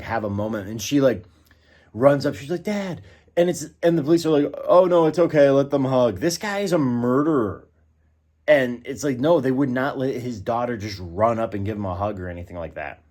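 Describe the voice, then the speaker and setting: A man's voice: mid-range voice, fast, darkish tone. A man giving a casual spoken film review, ranting in exasperation and often restarting and using fillers. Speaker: movie reviewer.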